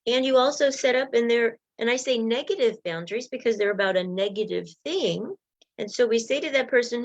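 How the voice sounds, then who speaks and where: Woman life coach talking on a facebook live, animated, does little voices for examples, kinda dull lo-fi sound. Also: on the high side. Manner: animated, acts out example dialogue in quick voices.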